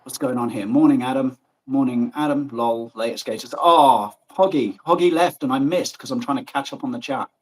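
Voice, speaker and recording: A man from Germany hosting a casual livestream chat, animated and joking, who swears freely. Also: mid-range voice, a little fast, few pauses, poor audio. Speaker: livestream host.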